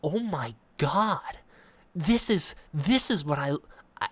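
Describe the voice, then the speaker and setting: A man's voice: fairly high pitch, animated, slow pace, a bit bright, breathy edge, no room sound, heavily acted. A sneering young video host sneers through an overblown, whiny delivery, as a man puts him on. The voice sits a few steps above the speaker's own, close and dry on the mic. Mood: mocking. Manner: exaggerated whiny impression of another creator. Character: young male video host, snobbish, mocking.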